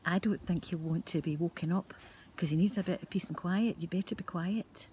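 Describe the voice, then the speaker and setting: An older Scottish grandmother spins a story for little ones at home, gentle and lively, pausing to pull the children in. Her voice sits fairly low, with a faint hiss of background noise. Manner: gentle, animated, drawing children in. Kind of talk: telling a bedtime story to children.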